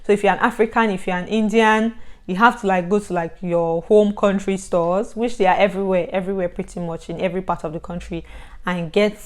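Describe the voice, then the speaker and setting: A woman from Nigeria with a Nigerian accent, giving chatty advice in a vlog, animated and given to loud bursts. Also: medium pitch, brisk. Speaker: vlogger.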